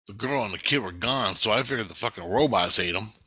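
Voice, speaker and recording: This vlogger's astral travel tale comes out fast in a fairly low, sharp, slightly rough voice. It's a casual, profane ramble, with sentences frequently started over.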